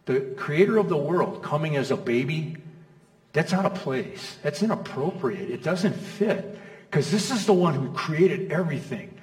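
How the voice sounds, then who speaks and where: A middle-aged man preaching a sermon in an easygoing, chatty way, firing off rhetorical questions and checking in with the crowd. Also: on the high side. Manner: conversational, stacks rhetorical questions, checks in with "okay?" and "you know?". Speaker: pastor. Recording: echoey hall, mic from far off.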